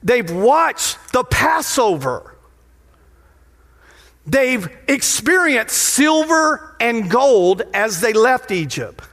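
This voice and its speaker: A man pastor preaching a lively, playful sermon in a church sanctuary, often putting questions to the crowd. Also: extremely high pitch, extremely slow. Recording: long hall reverb of a sanctuary.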